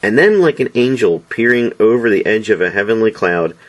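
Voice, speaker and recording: A man narrating a novel as an audiobook with an expressive, dramatic delivery. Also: lowish voice, fairly quick.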